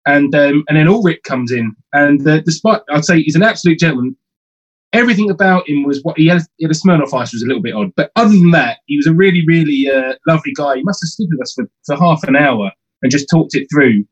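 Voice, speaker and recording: A man hosting a casual chat, recalling a story with frequent pauses and fillers. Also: on the high side, expressive, lo-fi sound. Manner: rambling, hesitant with fillers.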